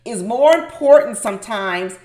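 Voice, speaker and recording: A woman's voice: a little high, animated, normal speed, a little mellow, roomy sound. A woman hosting a recap of a reality show, giving opinionated commentary and talking straight to her viewers with lots of emphasis.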